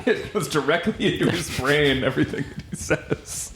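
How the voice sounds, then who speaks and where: A man's voice: a little high, moderate pace, roomy sound, noisy background. A man hosting a casual podcast, joking around and dropping into silly impressions. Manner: jokey, animated, slips into silly impressions. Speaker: podcast host.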